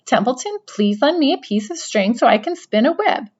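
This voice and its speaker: A woman's voice: on the high side, big pitch swings, normal speed, a little mellow, muffled recording, pitched above the performer's own voice. A woman reading a storybook aloud, voicing a sarcastic, self-pitying male rat who mocks and complains. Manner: mocking, whiny, complaining.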